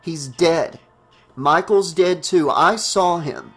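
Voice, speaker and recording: A shaken young man with grim urgency, as a male narrator reads him. He speaks in a fairly high, plain voice, pressed and serious. He is a figure in a horror audiobook. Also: slow, a bit bright, slightly rough, faint music behind, heavily acted.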